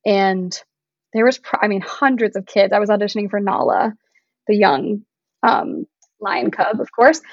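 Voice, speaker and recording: A woman's voice: mid-range voice, no echo, dull audio. A young woman guest on a podcast, chatting casually with lots of "like", sometimes getting emotional. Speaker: podcast guest, singer-songwriter. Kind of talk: casual interview chat.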